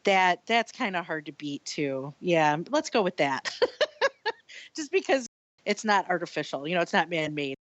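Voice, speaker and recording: Lively Chicago-accented woman, lower voice, dull dry remote-call sound. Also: a little slow, no room sound. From Chicago, United States. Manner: enthusiastic, laughs easily, emphatic. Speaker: guest. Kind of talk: conversational interview.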